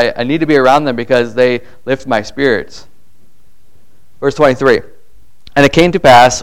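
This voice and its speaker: A man's voice: medium pitch, smooth. A middle-aged man preaching a conversational sermon in a church, reading verses and acting out little voices to make his point. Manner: conversational, acts out voices in quotes. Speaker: pastor.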